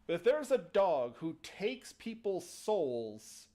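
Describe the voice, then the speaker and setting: A man's voice: sits high, slow pace. A man hosting a casual show, telling a ghost story with jokes and acted-out quotes. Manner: animated, jokey, acts out quotes. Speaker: podcast host.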